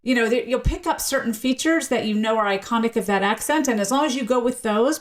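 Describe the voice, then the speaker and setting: Woman linguist guest, from the US South, articulate and lecture-like, mid-range voice. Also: mid-range voice. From American South. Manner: articulate, lecture-like explanations with frequent "right?". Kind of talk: podcast interview, explaining.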